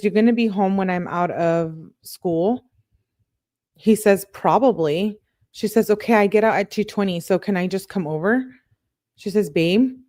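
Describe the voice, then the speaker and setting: A woman true-crime YouTuber reads a string of text messages aloud at a brisk clip, lifting her voice a little for the quoted lines. Her pitch sits mid-range, and the recording is close and dry with no room sound. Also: warm tone, no room sound. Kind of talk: reading text messages aloud with casual commentary.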